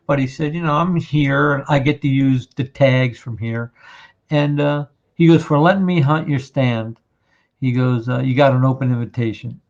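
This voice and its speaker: With a mid-range, darkish voice and some vocal fry, this podcast host talks at normal speed. A fifties-aged man from New Jersey, he spins a long hunting story in a casual chat, performing other people's lines, all captured in dull lo-fi audio.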